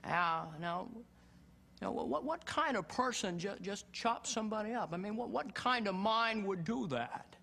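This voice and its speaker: A man's voice: sits high, animated, moderate pace, gravelly, pushed and bright, slight background noise, voice pushed up, heavily acted. A man impersonating a nervous male film star of old movies, stammering and drawling. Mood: fretful. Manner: stammering, drawling, repeats words.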